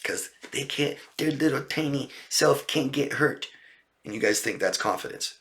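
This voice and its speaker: A man's voice: mid-range voice, moderate pace, gravelly. A man giving relationship coaching, talking casually and answering viewer questions, often acting out exasperated exchanges. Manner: animated, mimics people in exasperated voices.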